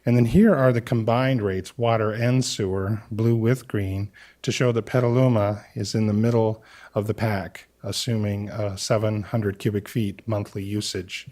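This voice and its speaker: A man with a fairly low voice presents to a city council in a chamber. He speaks in a measured, steady way and often fills his pauses with "uh". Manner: measured, many "uh" fillers.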